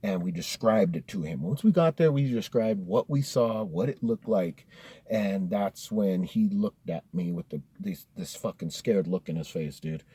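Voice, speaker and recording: A man with a very dark, mellow, husky voice tells a story casually. He sits a little low in pitch and swears freely. His delivery is laid-back and chatty, with "dude" scattered through it. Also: lively intonation, normal speed, dry recording.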